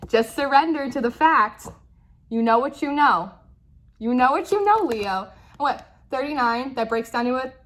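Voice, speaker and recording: A young woman giving a casual, chatty tarot reading, often checking in with "right?" and laughing. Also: fairly high pitch. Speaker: tarot reader.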